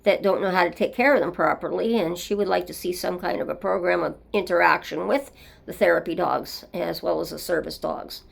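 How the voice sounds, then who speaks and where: A woman talks straight to her listeners in a gravelly, creaky voice. She wanders from thought to thought in an earnest storytelling manner, hosting a reflective solo show. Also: on the low side, a little fast. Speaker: host.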